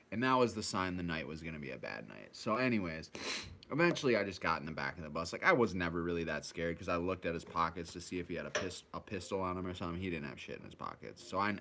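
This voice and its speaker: Casual Midwestern man, lowish voice, rambling story, swears a lot, mimics people. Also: fairly bright tone, slight background noise. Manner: rambling, profane, acts out voices of others. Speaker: vlogger recounting his addiction.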